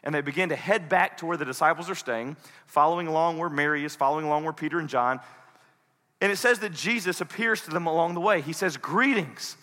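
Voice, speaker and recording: A preacher gives an animated, storytelling sermon in a high, bright voice. He slips in and out of characters, and a long church reverb trails each line. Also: fast. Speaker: pastor. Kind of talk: sermon with dramatic retelling.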